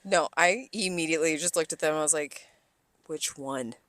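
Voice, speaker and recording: A woman's voice: low-pitched, fast talker, no echo. A young woman co-hosting a casual podcast, telling work stories with lots of swearing and rising outrage. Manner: animated storyteller, swears freely, rises loud when outraged. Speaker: podcast co-host, restaurant server. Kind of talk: casual chat.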